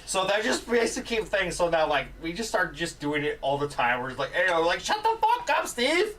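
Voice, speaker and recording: With a quick pace and a voice on the high side, a man co-hosts a podcast full of profane, lively storytelling and casual talk. Faint noise comes through the distant mic.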